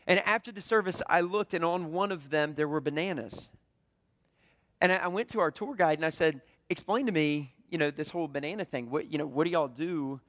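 A man's voice: fairly high pitch, brisk, a bit bright, no echo, clean studio sound. A man in his thirties with a Southern US accent, preaching a conversational sermon full of storytelling and acted-out dialogue. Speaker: pastor.

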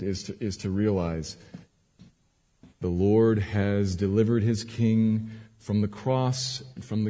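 A man preaching a sermon as a pastor, moving between quiet earnest teaching and raised, emphatic cries. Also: fairly low pitch. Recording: long hall reverb.

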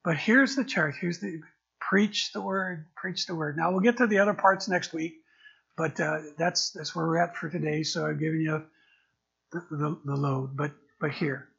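An older man preaching in a husky, slightly breathy voice that sits fairly high for a man. He talks conversationally from the pulpit and often repeats words as he gropes for a phrase. The recording is dull and lo-fi. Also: steady tone, normal speed, a bit bright. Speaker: pastor. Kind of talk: sermon.

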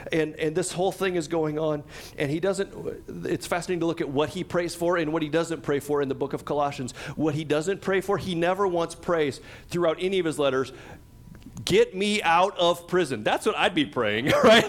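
A middle-aged pastor giving a sermon in a relaxed, conversational way, his voice sitting a little high for a man. He gets animated and acts out quotes, jumping up in pitch when he tells a story.

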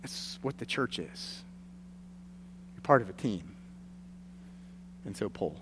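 A man's voice: fairly low pitch, lively intonation, takes it slowly, a bit bright, slight background noise. A male pastor preaching a sermon to his congregation, earnest and building to emphatic points, with folksy stories. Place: church sanctuary. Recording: long church reverb.

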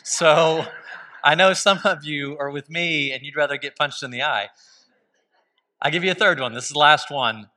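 A man's voice: a little high, normal speed, sharp tone. A man preaching a sermon as pastor, telling stories with a conversational, humorous manner.

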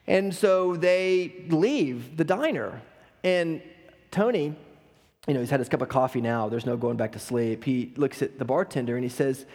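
A man's voice: mid-range voice, moderate pace, a little mellow. A man preaching a sermon as pastor, telling a story earnestly with some repeated words. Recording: long hall reverb.

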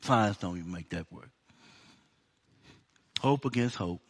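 A man's voice: fairly low pitch, animated, unhurried. A man preaching a sermon in a conversational, humorous way, acting out the dialogue of the story.

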